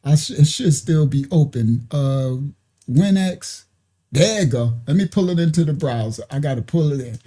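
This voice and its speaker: Laughing, husky-voiced woman streamer. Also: low-pitched, lively intonation, normal speed, warm tone. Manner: chatty and mocking, laughs often, slangy. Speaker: livestream host. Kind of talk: reaction commentary livestream. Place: at a computer, sharing her screen.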